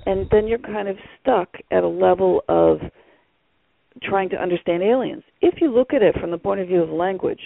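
Gravelly high-voiced man on a phone line. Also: normal speed, dry recording. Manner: rambling, hesitant, many fillers. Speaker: author guest. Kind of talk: radio interview.

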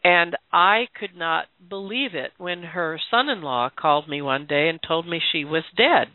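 A woman's voice: on the low side, lively intonation, normal speed, no room sound. A woman hosting a podcast interview, telling a personal story and affirming her guest with frequent mm-hmms. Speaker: podcast host. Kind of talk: casual interview chat. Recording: tinny phone-like line, dry.

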